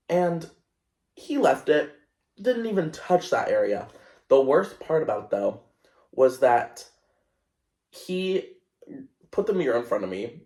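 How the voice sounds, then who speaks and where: Young male podcast host, unhurried, echoey room, rambling and animated storytelling. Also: a little high. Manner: animated, self-conscious storytelling with many fillers. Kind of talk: casual storytelling monologue.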